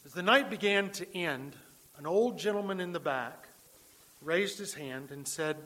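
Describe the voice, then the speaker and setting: Bright-voiced male pastor preaching. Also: high-pitched, measured pace. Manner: storytelling, earnest, repeats words when emphatic. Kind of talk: sermon.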